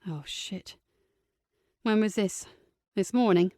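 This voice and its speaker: A woman voicing a calm, caring aunt, speaking low and gently in an audiobook. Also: slow, dry recording, studio quality, lightly acted. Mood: soothing. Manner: low and soothing. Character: calm, caring aunt comforting her niece.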